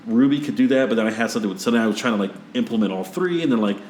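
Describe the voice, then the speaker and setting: A man hosting a podcast, chatting casually and telling animated stories that act out what people said. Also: lowish voice, rapid-fire, slight background noise. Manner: animated storyteller acting out quotes. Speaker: podcast host. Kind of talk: casual conversation. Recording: roomy echoey sound.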